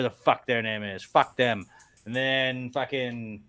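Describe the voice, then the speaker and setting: Casual co-host, man with a bright tone, angry and sweary. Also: mid-range voice, steady tone, slow. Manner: ranting, profane, exasperated. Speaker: podcast co-host. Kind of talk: casual chat.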